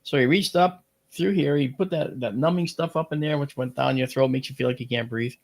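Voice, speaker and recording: Gravelly man telling a story. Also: medium pitch, fairly quick. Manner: lively, rambling delivery with many fillers and restarts. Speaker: radio show guest. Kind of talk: animated personal storytelling.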